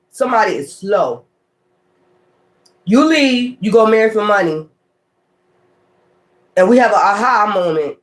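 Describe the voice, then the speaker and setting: A man doing a casual tarot reading, talking straight to his viewers, cursing often and laughing between cards. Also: sits high. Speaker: tarot reader.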